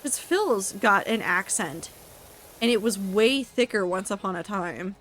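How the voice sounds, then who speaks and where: A woman's voice: medium pitch, expressive, unhurried, fairly bright tone, a little hiss or hum, low-quality recording. A woman streaming a game, chatting casually with her chat in a wry, talkative way and swearing now and then. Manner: chatty, wry, reacting to chat with asides and profanity.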